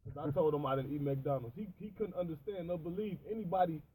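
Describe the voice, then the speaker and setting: A man's voice: a little high, fast talker, warm tone, husky, low-quality recording. A man who reads old-style scripture verses aloud and explains them in casual talk. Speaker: religious discussion participant. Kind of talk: casual chat and scripture reading.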